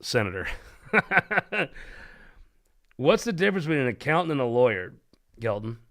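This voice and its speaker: In a sing-song, mid-range voice with a fairly bright tone, a political talk show host jokes around at a moderate pace. His chat is rambling and irreverent, and he laughs at his own gags.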